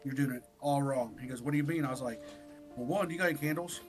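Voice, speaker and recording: A man co-hosting a podcast, telling a story in an animated, profane, casual way. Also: mid-range voice, fast, soft background music. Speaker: podcast co-host.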